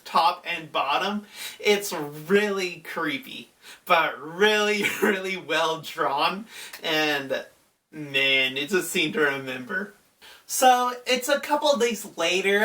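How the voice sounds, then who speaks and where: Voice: mid-range voice, sharp tone, distant mic. A video reviewer giving a casual, chatty recap of a horror episode, with plenty of fillers.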